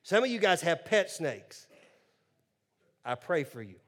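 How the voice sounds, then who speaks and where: A man's voice: on the high side, sing-song, a little slow, fairly bright tone. A male pastor preaching a sermon in a humorous, conversational way with joking asides.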